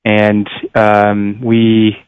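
A man's voice: fairly low pitch, completely flat delivery, very slow, smooth, no room sound. A young adult man, a pro football player, answering radio interview questions earnestly while searching for words. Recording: dull lo-fi line.

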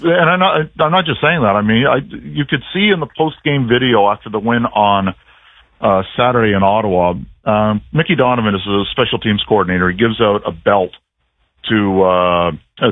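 A man's voice: fairly low pitch, no echo. A man who is a team's play-by-play broadcaster, telling stories as a guest on a radio show in a casual, chatty way full of restarts. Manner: chatty storyteller, many restarts and fillers. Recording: dry phone line.

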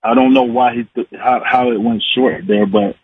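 A man's voice: medium pitch, steady tone, normal speed, slightly rough. A man in his forties calling in to a radio show, chatting in a folksy, rambling way with lots of fillers. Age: 40s. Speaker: regular guest, sports and recipe commentator. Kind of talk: casual radio chat. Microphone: phone call-in. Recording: tinny phone line with faint hiss.

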